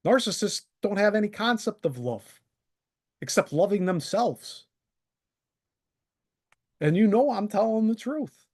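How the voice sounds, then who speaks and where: Host, male, 30s, furious sarcastic monologue, higher voice that swings widely in pitch, swears freely, desk mic. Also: measured pace, pauses often. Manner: heated, sarcastic, profane, very animated. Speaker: channel host. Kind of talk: angry solo rant to camera. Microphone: desk microphone.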